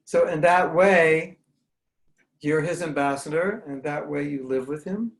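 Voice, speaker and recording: American guy giving a spiritual talk on a video call, gravelly, a bit high, chatty and earnest. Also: a little slow, rough recording. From United States. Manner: earnest, conversational, acts out quoted voices. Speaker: spiritual teacher. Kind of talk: online talk with questions.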